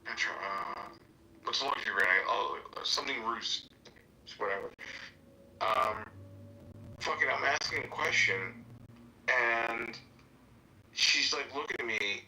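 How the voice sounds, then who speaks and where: A man talks casually on a podcast, and his voice has a very bright, sharp edge. He rambles along and jumps into the voices of the people in his story. The room sounds echoey, with a faint hiss underneath. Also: medium pitch, slow pace, pauses often. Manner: rambling storyteller who acts out both sides of a conversation.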